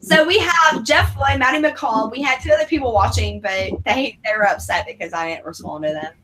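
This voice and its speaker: An American woman co-hosting a casual livestream chat on a video call, loud and laughing, swearing freely. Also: on the high side, brisk, background noise. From United States. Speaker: podcast co-host.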